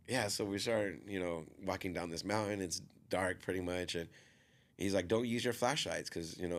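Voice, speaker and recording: A man with a somewhat low voice tells a long story in a relaxed podcast conversation. He rambles, fills his sentences with small fillers and keeps quoting what other people said. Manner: rambling, filler-heavy, often quotes others.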